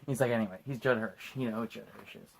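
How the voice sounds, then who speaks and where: A tipsy man hosting a podcast, retelling a movie in casual chat and acting out the characters' lines in loud put-on voices. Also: fairly low pitch, fast, gravelly, slight background noise. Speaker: podcast host.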